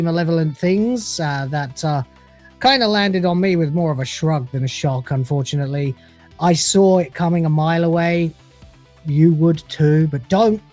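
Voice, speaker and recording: A man's voice: a little high, darkish tone. A man delivering a scornful, sarcastic review of a TV episode, swearing freely as he rants. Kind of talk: ranting review.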